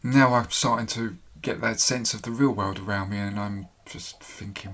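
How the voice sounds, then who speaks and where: A man recounting his own experience in an emotional, halting way, pausing and restarting as he remembers. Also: lowish voice, fairly even intonation, a bit bright. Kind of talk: personal spoken account.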